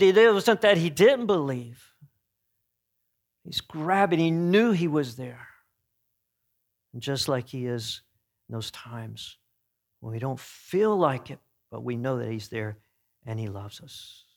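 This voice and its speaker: A man preaching an earnest sermon. He swings between emphatic peaks and hushed, solemn passages, and often corrects himself mid-phrase. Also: mid-range voice, expressive, takes it slowly, long pauses. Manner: frequent self-corrections and restarts.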